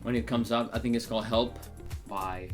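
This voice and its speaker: Male co-host, relaxed and chatty, faint music underneath. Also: medium pitch, a little fast. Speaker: reaction show co-host. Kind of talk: casual music review chat.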